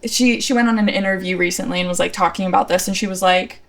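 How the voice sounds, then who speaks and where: A woman's voice: medium pitch, fairly even intonation, fast talker, fairly bright tone. A young woman co-hosting a casual podcast, chatting enthusiastically about a TV episode and sharing fun facts with a laugh. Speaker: podcast co-host. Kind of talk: casual chat reviewing a TV episode.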